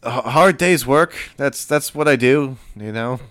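A man's voice: medium pitch, moderate pace, fairly bright tone, clean tone, no echo, clean studio sound, close to an everyday voice. A man putting on eager stammering boy Enrique. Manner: stammering, over-eager boasting. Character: eager young male deckhand, showing off busy work.

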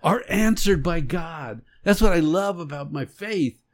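A man's voice: fairly high pitch, lively intonation, unhurried, slight background noise. A man co-hosting a faith podcast, talking earnestly and emphatically in a casual conversation. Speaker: podcast co-host.

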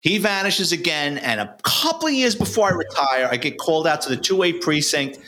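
A man's voice: a little high, very animated, fairly quick, pushed and bright, slight background noise. An older man, a retired detective telling stories in a blunt, street-wise way with colorful swearing. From New York City. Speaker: retired police detective and author, guest. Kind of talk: casual storytelling.

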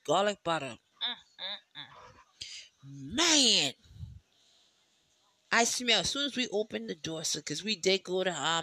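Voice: mid-range voice, gravelly, sharp tone, no echo. A podcast host telling loose stories in a casual solo chat, swearing freely, laughing often and rambling through lots of "you know"s. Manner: loose, chatty storytelling with swearing and frequent laughs; talks in rambling asides with many "you know"s.

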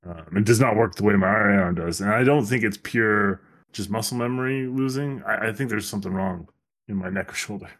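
A man co-hosting a podcast in relaxed chat, dry and wry, laughing easily. His voice sits on the low side. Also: a little fast. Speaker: podcast co-host. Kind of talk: casual chat.

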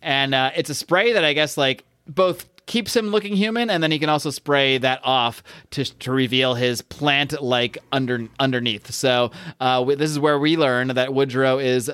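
A man's voice: mid-range voice, normal speed, hardly any pauses, a bit bright, smooth, dry recording. An American man co-hosting a podcast, chatting casually and rambling, correcting himself and laughing often. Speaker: podcast co-host. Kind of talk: casual comic book podcast chat.

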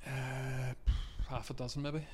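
A man, a comedian talking casually in a quick, rambling way and laughing often. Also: medium pitch, level tone, husky. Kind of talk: casual chat.

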